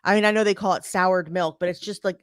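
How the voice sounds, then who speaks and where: A woman's voice: fairly low pitch, fairly even intonation, quick pace, dry recording, studio quality. A woman with a US East Coast accent, co-hosting a podcast in casual chat and explaining things with examples. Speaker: podcast co-host.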